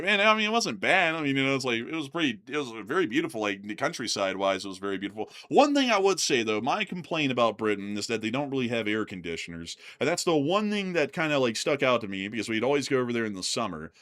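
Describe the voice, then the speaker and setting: Lively, bright-voiced American man chatting. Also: mid-range voice, fast talker. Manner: laughing, rambling, says "like" and "man" a lot. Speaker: co-host of a news commentary channel. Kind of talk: casual chat.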